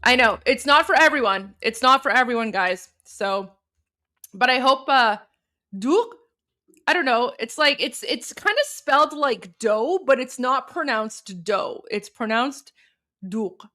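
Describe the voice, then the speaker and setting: A woman's voice: high-pitched, lively intonation, unhurried, pushed and bright. A woman hosting a live stream, talking casually with lots of fillers, restarts and repeated phrases. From Iran. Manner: chatty, repeats herself, many fillers and restarts. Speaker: political commentator and live stream host.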